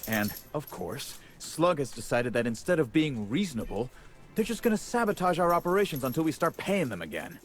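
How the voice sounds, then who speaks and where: An actor playing a gruff, harried male orchard overseer in a video game, blunt and sardonic with folksy speech. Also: fairly high pitch, sing-song, fairly quick, soft background music.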